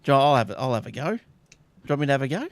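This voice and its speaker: An Australian man hosts a tech podcast in relaxed chat. He steers the talk along with easy fillers. His voice sounds dry and close, with little room sound. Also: medium pitch, fast talker, dry recording. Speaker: podcast host.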